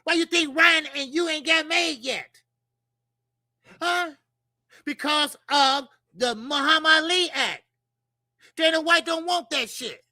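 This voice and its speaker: A man's voice: very high-pitched, takes it slowly, pauses often, pushed and bright, dry recording, clean studio sound. A man hosting a boxing show, ranting in a heated, profane way, throwing questions straight at his viewers and repeating lines for emphasis. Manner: fired-up, profane, rhetorical, talks straight to viewers. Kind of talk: heated casual boxing rant.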